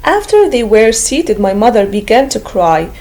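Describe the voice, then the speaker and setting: A woman's voice: fairly high pitch, big pitch swings, normal speed, a little mellow, poor audio. A woman reading a classic novel aloud as an audiobook narrator, in a careful storybook manner.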